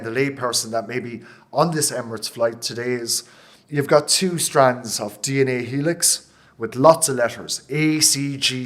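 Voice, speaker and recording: A man with an Irish accent, a company founder answering interview questions in a passionate, emotional way, with quick bursts and many restarts. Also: mid-range voice. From Ireland. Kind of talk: interview conversation.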